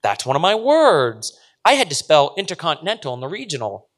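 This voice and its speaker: A man reading aloud and voicing an eager young girl who loves spelling, with high, chatty questions. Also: big pitch swings, a little fast. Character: excited young girl, spelling bee whiz.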